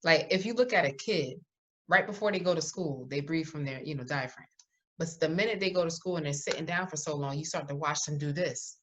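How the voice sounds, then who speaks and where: A woman co-hosting a podcast in casual chat, animated and jokey, laughing often. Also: sits low, fairly quick. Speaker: podcast co-host.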